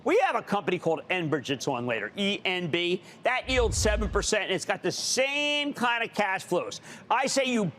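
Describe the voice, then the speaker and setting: Excitable male TV host, Philadelphia accent, high and wildly animated delivery. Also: moderate pace, few pauses, slight background noise. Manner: excitable, emphatic, stretches words for emphasis. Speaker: TV host of a stock market show. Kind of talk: TV call-in show.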